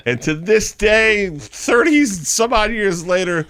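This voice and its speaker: A man's voice: high voice, slow pace, fairly bright tone. A man in his fifties, a morning radio host and comedian, telling a long story and acting out the people in it. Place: radio studio.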